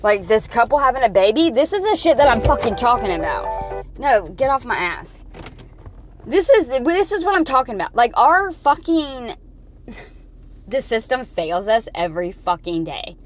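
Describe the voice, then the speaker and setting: A woman's voice: a little high, sing-song, measured pace, faint music behind. A woman vlogger ranting and swearing while she drives, talking into her phone. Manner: swearing, heated and rambling. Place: in a car.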